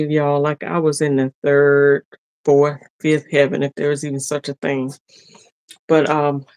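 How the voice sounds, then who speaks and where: The woman's voice sits low and the clip has no room sound. She's the host of an easygoing sewing live stream, talking and laughing with viewers and speaking to them directly.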